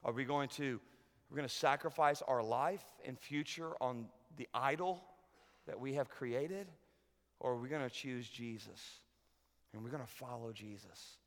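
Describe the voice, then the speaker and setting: A male pastor preaching a sermon, swinging from loud urgent peaks to hushed lows. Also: measured pace. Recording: long reverb of a large hall.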